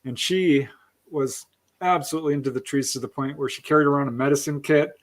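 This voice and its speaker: A man hosting an interview who recounts a case from his book in a relaxed way, with small fillers. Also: on the high side, a little fast. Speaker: host. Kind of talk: interview talk.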